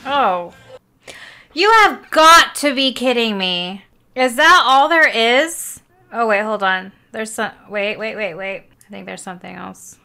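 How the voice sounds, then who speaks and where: A woman hosting a reaction video, giving casual, excitable running commentary with lots of exclamations. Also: on the high side, a little slow.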